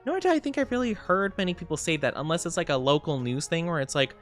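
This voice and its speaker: A woman's voice: lowish voice, animated, fast, faint music behind. A woman streamer chatting casually and playfully with her viewers, greeting them by name. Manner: playful sing-song asides. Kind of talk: casual livestream chat.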